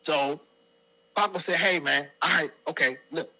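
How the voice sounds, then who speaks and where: A low-quality recording captures a middle-aged man from the Washington DC area, a guest singer, telling stories in an interview at a normal speed. His voice runs a little high, and he animatedly acts out what others said.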